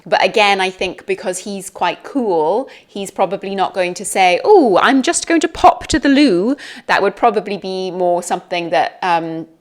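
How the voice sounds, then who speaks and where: A British woman teaching an English lesson, explaining words in a chatty, friendly way. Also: lowish voice.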